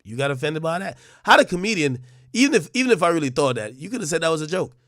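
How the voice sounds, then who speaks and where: Brash, mocking man with a bright voice. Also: on the high side, big pitch swings, quick pace, no echo, studio quality. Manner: stammering restarts. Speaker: livestream host. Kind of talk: ranting roast monologue.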